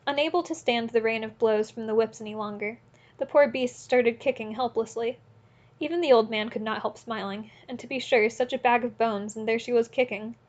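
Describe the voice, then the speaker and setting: A woman narrating an audiobook in a steady, earnest reading voice, now and then correcting a slip. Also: a little high, moderate pace, muffled recording. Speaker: audiobook reader.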